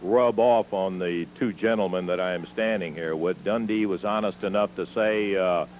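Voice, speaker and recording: Dry low-voiced wrestling announcer. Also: male voice, steady tone, moderate pace, a little mellow, slight background noise, low-quality recording. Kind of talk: studio interview.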